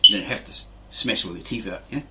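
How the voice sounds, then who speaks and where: A man's voice: lowish voice, fast talker, heavy background noise. A man giving a casual, rambling explanation as a fitness channel host, tagging lines with "right?" and acting out quotes. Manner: rambling, keeps asking "right?", acts out quotes.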